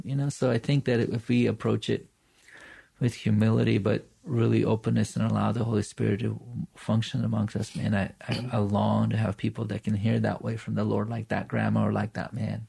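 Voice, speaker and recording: A man's voice: on the low side, level tone, fairly quick, creaky, dark tone, breathy edge. A man, a pastor and church planter, telling personal stories in a podcast conversation, earnest and full of fillers and restarts.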